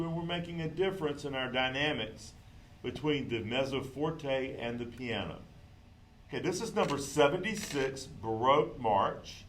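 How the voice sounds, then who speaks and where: A man's voice: medium pitch, slight background noise, low-quality recording. A man teaching a clarinet lesson, patiently counting in and calling out note names and fingerings. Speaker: music teacher.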